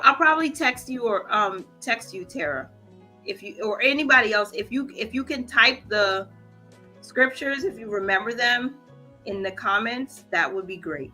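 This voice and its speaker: A woman hosting a budgeting livestream, chatting casually with viewers and greeting them by name. She is emotional and trying to hold back tears. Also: medium pitch. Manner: warm, encouraging, reads viewer comments aloud. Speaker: budgeting channel host.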